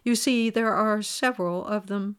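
A woman voicing a polite, fussy parlour maid who reports briskly and deferentially. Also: mid-range voice, clear, resonant tone, lightly acted.

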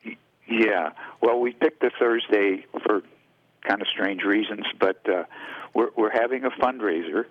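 A man's voice: fairly low pitch, a little slow, no room sound. A man from Oregon, a guest on a radio show, speaking hesitantly with many fillers and restarts. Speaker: guest, dance caller. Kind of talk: casual radio interview. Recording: dull radio line.

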